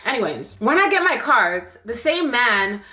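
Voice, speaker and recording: High, bright-voiced woman telling a story. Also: a little slow, reverberant, a little hiss or hum. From Canada. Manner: animated, profane, dramatic quoting. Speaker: YouTuber. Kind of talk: storytime vlog.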